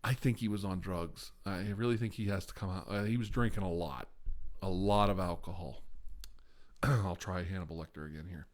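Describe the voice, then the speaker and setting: A man's voice: low voice, fairly even intonation, moderate pace. A man hosting an ASMR live stream, rambling in casual chat with frequent laughs and sighs.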